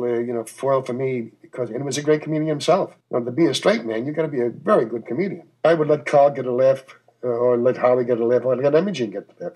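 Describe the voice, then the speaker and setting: Brief: older male interviewee, husky, lively storyteller. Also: medium pitch, poor audio. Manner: animated storyteller, acts out scenes. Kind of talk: reminiscing interview.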